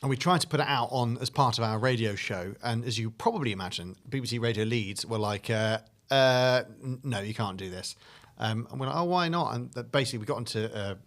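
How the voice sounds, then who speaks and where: Chatty comedian telling a story. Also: male voice, medium pitch, brisk, few pauses. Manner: rambling, animated storyteller with fillers. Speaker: comedy duo member, guest. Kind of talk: casual podcast chat.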